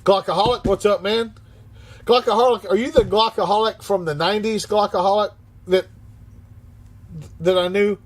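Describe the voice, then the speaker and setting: A man in his fifties with a fairly high-pitched voice hosts a casual livestream. He reads the chat aloud and answers bluntly, swearing freely. His delivery is animated and often quick. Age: 50s. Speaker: livestream host reading chat.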